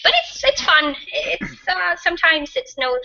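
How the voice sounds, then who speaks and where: A woman's voice: very high voice, sing-song, unhurried, vocal fry, sharp tone, distant mic. A woman co-hosting a podcast, bubbly and giggly in casual chat. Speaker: podcast co-host. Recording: dull lo-fi podcast audio.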